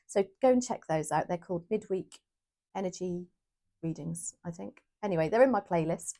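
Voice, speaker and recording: A woman's voice: on the low side, moderate pace, vocal fry, warm tone. A woman giving a casual, chatty tarot reading to her viewers, often correcting herself as she thinks aloud. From United Kingdom. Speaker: tarot reader.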